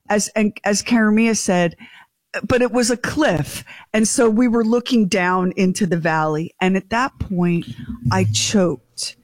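A middle-aged woman telling a family story in casual chat, acting out everyone's lines with lively energy. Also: mid-range voice, a little slow, dry recording, studio quality. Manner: animated storyteller, acts out family dialogue.

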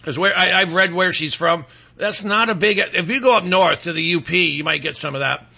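Bright, high-voiced sarcastic male host. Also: a little fast. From Michigan, USA. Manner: rambling, sarcastic, frequent throat clearing. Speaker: talk show host. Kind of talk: casual political talk with ad reads.

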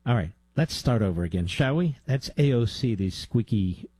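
A man's voice: medium pitch, expressive, normal speed, warm tone, slightly rough, no echo. A man hosting a talk radio show, delivering a combative monologue with sarcastic asides to his producer.

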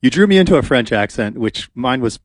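A man's voice: medium pitch, animated, brisk, no room sound. A man hosting a radio talk show, chatting casually and rambling with fillers in a studio.

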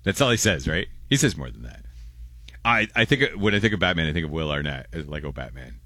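A young man, hosting call-in talk radio, quick and loose as he reads listener texts aloud. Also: very deep voice, lively intonation, bright, forceful tone, dry recording. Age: young adult. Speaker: radio host. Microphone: close studio microphone.

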